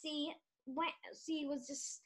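A woman's voice: high-pitched, fairly even intonation, slow. A woman hosting a podcast, telling a rambling story in a casual, giggly way, full of "like" and restarts. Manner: giggly, restarts often, lots of "like". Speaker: podcast host.

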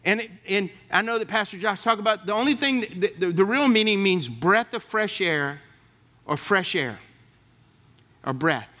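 A middle-aged male pastor preaching a sermon with a high, bright voice. He tells personal stories in a folksy, chatty way and keeps turning to the congregation for an amen or a nod. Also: animated, moderate pace. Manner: folksy storytelling, asks the congregation for responses.

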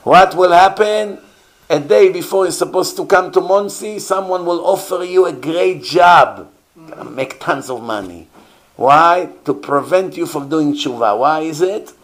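Preacher guy, earnest and emphatic, keeps asking why, slightly high voice. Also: unhurried. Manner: earnest, emphatic, repeats rhetorical questions. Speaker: rabbi teaching. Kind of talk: sermon.

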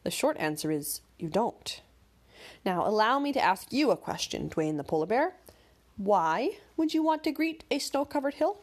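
A woman's voice: medium pitch, sing-song, normal speed. A woman doing a curt, clever storybook creature. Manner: curt, dry.

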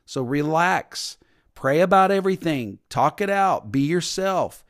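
A man's voice: a little high, animated, a little slow. A man preaching a sermon as pastor, emphatic and repetitive, sometimes mimicking stiff formal prayers.

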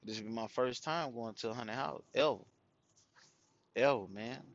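A man's voice: medium pitch, normal speed, no echo, dull audio. Rambling, profane man telling stories. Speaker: father talking to his followers. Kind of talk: casual storytelling monologue.

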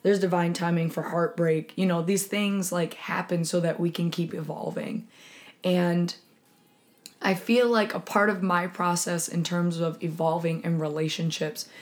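A woman's voice: lowish voice, a little slow. A woman in her twenties co-hosting a podcast, talking candidly in casual chat and acting out quotes as she tells stories. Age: 20s. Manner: candid, animated storytelling with acted-out quotes. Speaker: podcast co-host.

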